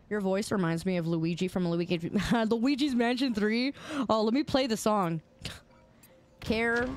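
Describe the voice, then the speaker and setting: A woman's voice: a little high, lively intonation, moderate pace, a little hiss or hum. A woman streaming a game and chatting casually with her viewers, playful and teasing, repeating words in sing-song bursts. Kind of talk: casual chat with viewers while gaming.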